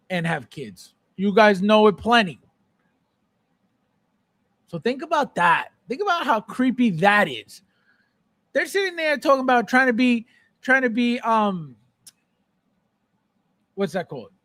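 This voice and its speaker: A podcast host with a high-pitched, slightly bright voice runs a live collector show, answering viewers' chat with exasperated rants and repeating himself. The recording is dry.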